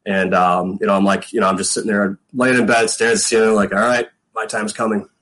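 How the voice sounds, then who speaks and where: Deep-voiced man telling stories. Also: flat delivery, fast, fairly bright tone, slight background noise, poor audio. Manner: rambling, many fillers, acts out quotes. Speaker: guest, former pro football punter. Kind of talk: casual storytelling interview.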